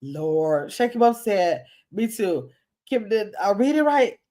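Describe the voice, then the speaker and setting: An older woman hosts a relaxed livestream, reading viewer comments aloud in a chatty, playful manner. Her mid-range voice is mellow and sing-song, and she speaks slowly.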